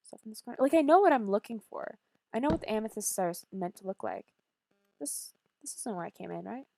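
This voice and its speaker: A woman's voice: medium pitch, very animated, brisk, gravelly, darkish tone. A woman streaming a game, chatting casually with playful sarcasm and silly beep-boop noises.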